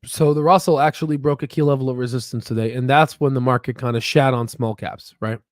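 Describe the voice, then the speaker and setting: A man hosting a casual stock market video, rambling and excitable, with frequent profanity and restarts. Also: medium pitch, fast talker, no room sound, studio quality. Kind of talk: casual market commentary with screen share.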